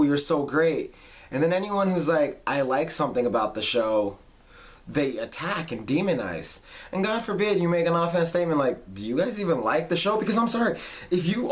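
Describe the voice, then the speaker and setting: Heated, profane man ranting. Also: a little high. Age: late 20s. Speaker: vlog host. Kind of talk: ranting monologue.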